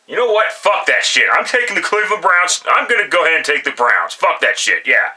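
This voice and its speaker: A man's voice: a little high, sing-song, a little fast, bright, forceful tone, rough recording. A man giving blunt, profane football picks in casual solo commentary, often restarting his sentences. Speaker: sports picks vlogger.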